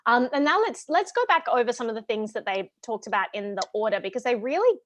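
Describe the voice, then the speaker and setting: A woman hosting a casual interview, animated and playful, laughing easily. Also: fairly high pitch, fast talker, no room sound. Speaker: host. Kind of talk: casual chat.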